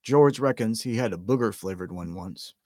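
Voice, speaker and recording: A man's voice: fairly low pitch, lively intonation, moderate pace, a little mellow, dry recording, clean studio sound. A man voicing a chatty young wizard boy who talks casually and grumbles.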